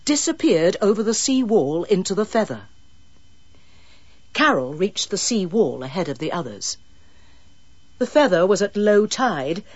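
A woman reading an audiobook in measured, dramatic storytelling. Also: mid-range voice, breathy edge, dry recording, dull audio. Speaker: audiobook narrator. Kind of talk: scripted narration.

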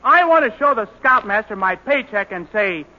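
1930s radio comedy: a naive eager young scout, high bright voice, guileless, muffled old broadcast. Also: male voice, lively intonation, moderate pace. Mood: earnest. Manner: earnest, guileless, cheeky.

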